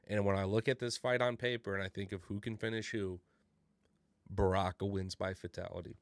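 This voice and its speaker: A man's voice: fairly low pitch, fairly even intonation, fairly quick, dry recording. A man co-hosting a fight podcast, giving opinionated predictions with swearing and sweeping asides. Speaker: podcast co-host. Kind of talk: casual sports banter.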